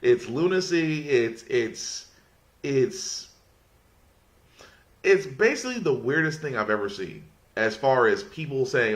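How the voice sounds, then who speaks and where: A man's voice: on the high side, big pitch swings, measured pace, fairly bright tone. A man hosting a casual podcast, mocking his subject, rambling and restarting often as he fights off laughter. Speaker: podcast host.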